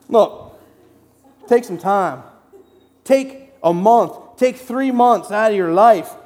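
A man giving an excited, conversational sermon in short punchy phrases as a lay preacher in a church. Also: high voice, takes it slowly, long pauses. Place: church sanctuary. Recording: long hall reverb.

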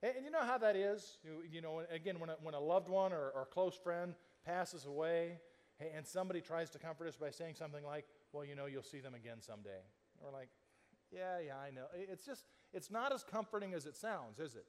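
A male pastor in the middle of a sermon, telling the story in a relaxed, conversational way and slipping into the voices of the people he quotes. His voice sits a bit high for a man, and it rings out with the long reverb of a large church hall. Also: a little fast. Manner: conversational storytelling, acting out quoted lines, with frequent restarts.

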